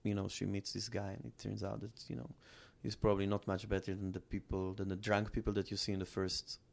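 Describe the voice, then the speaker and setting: A man's voice: on the low side, flat delivery, gravelly. A man from Israel, a film director, talking earnestly about his work in an interview, often restarting his sentences. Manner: earnest, halting with many restarts. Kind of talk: interview conversation.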